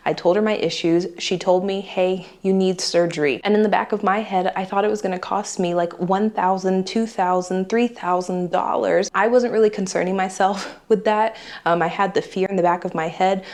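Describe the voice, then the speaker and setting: A woman from the United States talking casually to her viewers, chatty and animated, acting out the voices of people in her story. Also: medium pitch, normal speed, hardly any pauses. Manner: chatty, animated, acts out quoted dialogue. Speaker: vlogger.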